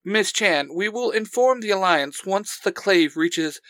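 A polite, formal young huntress acting as an envoy, as a man acts her out. The voice sits somewhat high and sounds dry and close, in a storybook reading. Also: animated, measured pace, fairly bright tone, no room sound. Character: polite young female hunter, ambassador.

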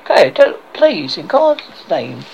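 A reader doing an earnest young knight who sounds flustered and pleading, with a gravelly edge to his voice. The lo-fi recording sounds muffled. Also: medium pitch, sing-song, measured pace, slight background noise. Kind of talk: amateur film-script reading. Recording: dull lo-fi recording.

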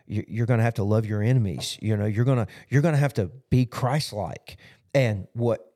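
A man's voice: fairly low pitch, warm tone. A man, a pastor, talking casually about his sermon in a loose, rambling way full of fillers. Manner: rambling, with frequent "you know" fillers. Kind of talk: casual podcast recap of a sermon.

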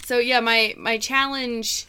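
Bright, drawling American woman. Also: a little high, clear, resonant tone. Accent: mixed American with a slight Southern drawl. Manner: playful, animated, quick to laugh, lots of fillers. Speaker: podcast co-host. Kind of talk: casual podcast chat.

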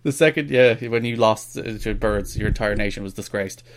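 A man's voice: fairly low pitch, a little fast. A man co-hosting a wrestling podcast, trading dry, teasing jokes in casual banter. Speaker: podcast co-host.

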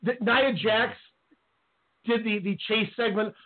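A man co-hosting a casual wrestling talk show, animated and acting out quotes. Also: sits high, takes it slowly. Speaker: podcast co-host. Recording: tinny phone-line audio.

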